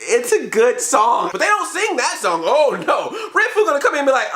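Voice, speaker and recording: A man giving a comedic movie review, jokey and animated, often slipping in and out of silly voices. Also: very high voice, normal speed, few pauses, reverberant.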